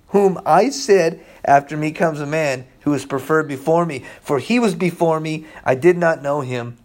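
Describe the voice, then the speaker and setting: A man preaching an excitable Bible-study sermon, exclaiming and laughing, slangy, swinging between hushed awe and loud outbursts. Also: on the high side.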